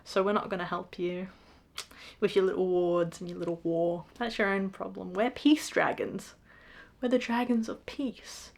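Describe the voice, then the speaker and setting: A woman's voice: medium pitch, steady tone, normal speed, gravelly. A woman voicing smug, self-righteous dragons in a mocking, condescending way.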